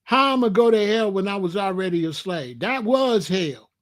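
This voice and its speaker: Blunt, high-voiced man in his sixties. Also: animated, normal speed. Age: 60s. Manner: blunt, emphatic, repeats himself. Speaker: host. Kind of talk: casual livestream talk answering chat.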